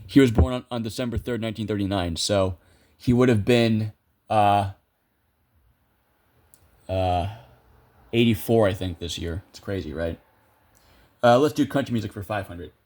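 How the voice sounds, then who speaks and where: Low-voiced young man casually commentating gameplay. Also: moderate pace, pauses often, darkish tone. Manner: chatty, self-amused, thinks aloud with many fillers. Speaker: gameplay video creator.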